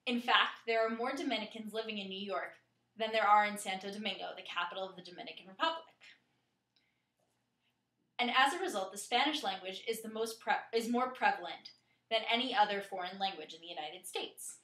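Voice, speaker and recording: A woman narrating a scripted lesson in a clear, steady way, slowing down to spell out and pronounce words. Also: medium pitch, roomy sound. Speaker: teacher.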